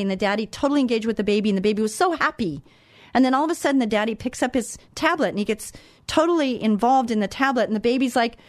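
A woman's voice: medium pitch, no room sound, clean studio sound. A middle-aged woman hosting a faith-based parenting talk show, chatting casually and often checking in with "okay?" and "you know". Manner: conversational, repeats words, says "okay?" and "you know". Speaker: radio host.

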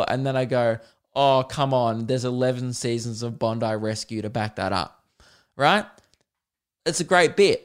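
Young male comedian, solo podcast host, loose rambling delivery, salty language, mid-pitched. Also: clear, resonant tone. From Australia. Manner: rambling, swears often, laughs at his own stories. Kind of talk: casual solo podcast chat.

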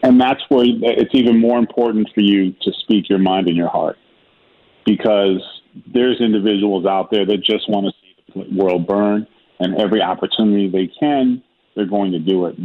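A man talks through a discussion in an emphatic, earnest way. His voice is husky and a little rough. It comes through a thin, phone-like line. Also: lowish voice, moderate pace. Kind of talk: call-in talk discussion.

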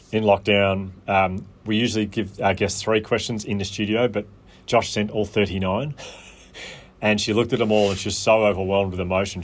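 An Australian man with a lowish voice, talking as a guest on a chat podcast. He tells stories animatedly, with quick asides and chuckles. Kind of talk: casual chat.

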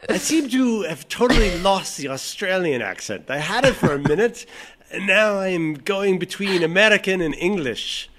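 A man's voice: sits high, animated, moderate pace, fairly bright tone, a little hiss or hum, voice pushed up. A man putting on a salty old male professor with an Australian accent that keeps slipping, speaking in a self-mocking way. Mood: sheepish.

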